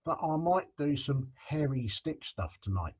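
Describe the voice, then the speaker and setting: A man's voice: medium pitch, big pitch swings, a little slow, a little mellow, husky, highs cut off. A man co-hosting a casual chat, talking in hesitant, trailing phrases. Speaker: co-host.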